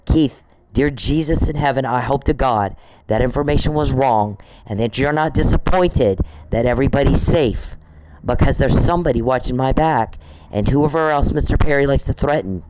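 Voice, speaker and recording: A man's voice: mid-range voice, moderate pace, background noise. A man on a podcast, delivering an angry, profane monologue aimed straight at one person he scolds. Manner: indignant, profane, scolding someone directly.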